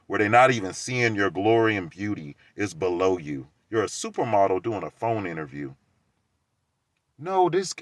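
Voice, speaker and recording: A man's voice: fairly low pitch, no room sound. Rambling man in a dry, close room. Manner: rambling, laughs between lines, acts out quoted exchanges. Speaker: vlogger telling a story. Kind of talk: casual rambling monologue.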